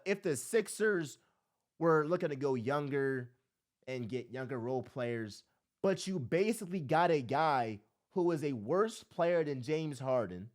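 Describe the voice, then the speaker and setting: Sports show host, male, high-pitched and animated, heated fan rant. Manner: fired-up, emphatic, says "bro" constantly.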